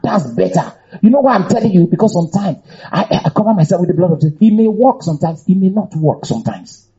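A male preacher with a high voice that swings widely in pitch, delivering an emphatic, animated sermon. He drives his points home by repeating phrases. The recording is dull and lo-fi. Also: fast. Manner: animated, emphatic, bursts into shouts and laughter.

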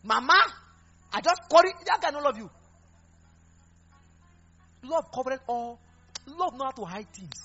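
A man preaching a lively sermon, mixing Pidgin into his exhortations and laughing often. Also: extremely high pitch, a little slow, pauses often, slightly rough. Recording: dull lo-fi recording with faint music.

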